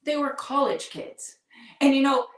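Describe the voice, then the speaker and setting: A woman's voice: high voice, lively intonation, a little slow. A middle-aged woman host telling a personal story in an earnest, heartfelt way, talking straight to her listeners. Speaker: podcast host. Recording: echoey room, distant mic.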